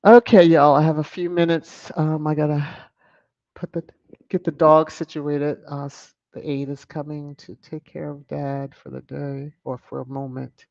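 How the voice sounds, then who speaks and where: A woman hosting a casual commentary livestream, talking bluntly and chatty, gushing warmly when she thanks supporters. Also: low voice, little pitch movement, normal speed, vocal fry, no room sound, muffled recording. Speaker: host of a royal-news commentary livestream.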